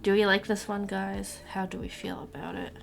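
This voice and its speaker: Give me a chatty young woman streamer with a gravelly, fried voice, mid pitch, casual and rambling. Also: level tone, moderate pace, faint music behind. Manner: chatty, rambling, swears casually, talks to her cat and chat.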